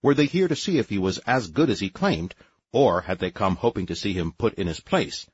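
A man reading an audiobook in scripted narration, lively and expressive. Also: lowish voice, brisk, slightly rough, highs cut off.

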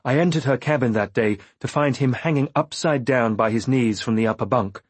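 Male narrator, husky, dry close read, steady and grave first-person fantasy audiobook. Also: mid-range voice, a little fast, dry recording.

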